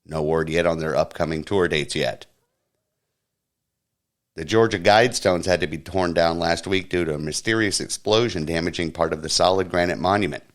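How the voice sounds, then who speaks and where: A man hosting a podcast, reading a satirical news roundup in a deadpan newsreader manner. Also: low-pitched, moderate pace. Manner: deadpan mock newsreader, puts on silly voices for quotes. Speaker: podcast host.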